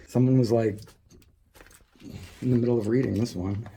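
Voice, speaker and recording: A man, vlogging while exploring an abandoned asylum indoors, gushing excitedly, swearing and rambling to himself. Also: mid-range voice, unhurried, pauses often, slight background noise. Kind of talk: casual explore vlog, talking to camera.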